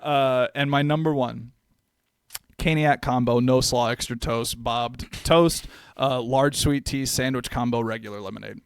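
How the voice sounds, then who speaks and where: A man's voice: mid-range voice, fairly even intonation, unhurried, clean tone, no echo, studio quality. A man co-hosting a podcast in casual chat, laid-back and swearing freely, often repeating himself. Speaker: podcast co-host.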